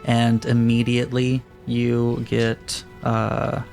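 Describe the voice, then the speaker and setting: A man's voice: medium pitch, completely flat delivery, takes it slowly, vocal fry, a little mellow, soft background music. A man narrating as game master of a tabletop role-playing game, casual, with many fillers.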